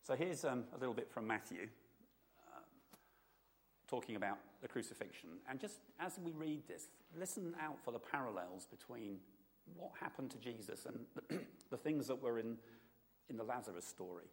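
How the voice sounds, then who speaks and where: A man preaching a relaxed, chatty sermon, his voice gravelly with a low rasp. He keeps turning to his listeners with quick asides and questions. The sound rings out with the long echo of a large hall. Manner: conversational, asks the audience often. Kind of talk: informal sermon.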